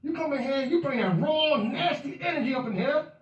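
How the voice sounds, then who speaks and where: A woman's voice: sits high, expressive, a little fast, far from the mic, lo-fi sound, crowd noise. A woman playing a bossy male driver. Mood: scolding. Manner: scolding, repeats "hold on". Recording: roomy echo from off-mic.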